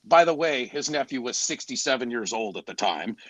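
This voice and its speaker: A man's voice: medium pitch, very animated, a little fast, fairly bright tone, no echo. A man in his forties, a garage door salesman, telling candid stories in a casual podcast chat and acting out the people he quotes. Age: 40s. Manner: candid, storytelling, quoting others in voices.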